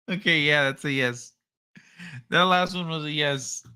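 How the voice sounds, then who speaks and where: A woman's voice: deep voice, slow, sharp tone, clean tone. A woman streamer giving casual reaction commentary, swearing and laughing at clips.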